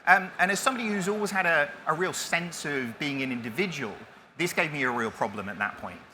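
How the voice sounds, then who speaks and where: A man's voice: on the high side, expressive, brisk, pushed and bright, a little hiss or hum. A man in his forties giving a self-deprecating conference talk, with many restarts as he tells his story. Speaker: keynote speaker. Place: conference stage.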